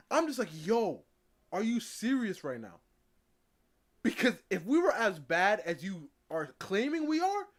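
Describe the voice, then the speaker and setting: Incredulous man with a lively, high voice. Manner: incredulous, rambling, mocking. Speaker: streamer. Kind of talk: live stream reaction commentary.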